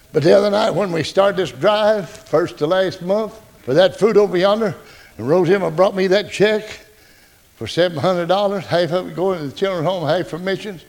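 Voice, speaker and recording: A male pastor preaching a folksy, joking, animated sermon. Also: high-pitched.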